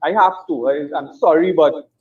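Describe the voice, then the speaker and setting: A man's voice: a little high, normal speed, a little mellow, dull audio. A man speaking as a guest over a live online call, hesitant and stammering. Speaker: guest caller.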